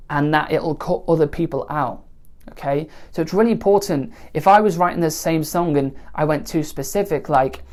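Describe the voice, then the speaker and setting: A woman teaching songwriting in a relaxed, conversational way, often pausing to check in with the listener. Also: sits low. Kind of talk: spoken songwriting lesson to camera.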